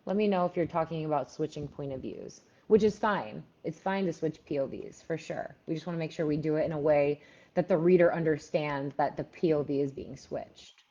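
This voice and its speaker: A woman's voice: low voice, brisk, warm tone. Chatty woman on a dull lo-fi livestream. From Philadelphia. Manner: chatty, answers viewer questions with many fillers. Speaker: writing coach. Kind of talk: live stream Q&A.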